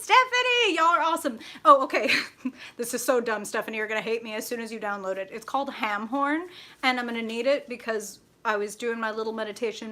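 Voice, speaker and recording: A woman hosting a live tarot stream, chatting with viewers and laughing often. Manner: laughs often, greets viewers with high excited shouts. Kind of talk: bubbly live-stream chat.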